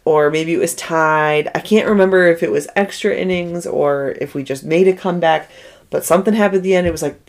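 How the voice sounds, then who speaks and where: A woman co-hosting a podcast, chatting casually and answering with short, relaxed replies. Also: fairly low pitch, a little fast. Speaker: podcast co-host. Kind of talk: casual chat.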